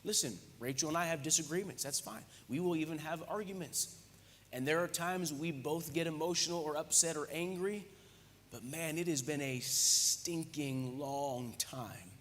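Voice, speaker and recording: Joking preacher in an echoey church. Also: male voice, fairly high pitch, normal speed, a little hiss or hum. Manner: lively, joking, conversational preaching. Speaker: pastor. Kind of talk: sermon. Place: church hall. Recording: echoey church hall reverb.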